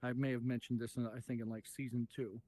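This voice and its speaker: A man's voice: medium pitch, level tone, fast, warm tone. A middle-aged man hosting a comedy talk show, joking around and breaking into laughter. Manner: giggly, breaks into laughter often.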